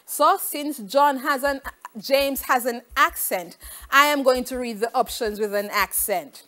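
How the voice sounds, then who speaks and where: Slow, high-voiced Jamaican teacher. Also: female voice, bright, forceful tone. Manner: asks students questions, then pauses for them. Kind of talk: exam-prep lesson.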